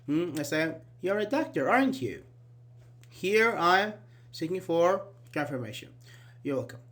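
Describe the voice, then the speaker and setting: Male English teacher, slightly higher voice, patient and repetitive, lots of "actually" and "uh-huh". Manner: explains slowly, asks students questions, repeats key words. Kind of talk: live online grammar class.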